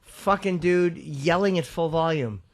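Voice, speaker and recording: A man with a fairly high voice rambles through a story in casual podcast chat. He swears freely and has a wry, joking edge. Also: unhurried.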